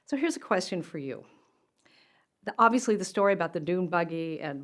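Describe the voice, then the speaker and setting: A woman's voice: lowish voice, moderate pace. An older woman, a motivational speaker, telling a personal story straight to camera in an earnest, conversational way.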